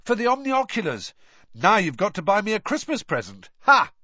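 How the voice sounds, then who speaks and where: An eager, cheeky teenage boy, as a man puts him on, yelling excitedly in a voice pushed far above the reader's own. It comes across loud and lively over a dull, lo-fi recording. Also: high-pitched, moderate pace, no room sound, voice pushed up, exaggerated voice. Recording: dull lo-fi sound.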